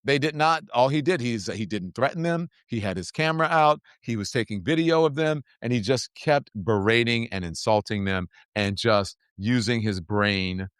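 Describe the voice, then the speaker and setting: A man's voice: medium pitch, normal speed, hardly any pauses, a bit bright, smooth, no echo, clean studio sound. A middle-aged man hosting a political talk show, speaking emphatically and repeating his points for stress. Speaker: host.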